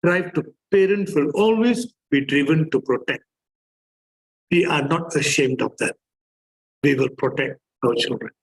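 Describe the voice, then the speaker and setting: Malaysian english guy giving a talk, slightly high voice, rambly and chatty, lots of uh and lah. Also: a little slow, poor audio. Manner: chatty, repetitive, full of fillers. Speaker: therapist. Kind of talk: conference presentation.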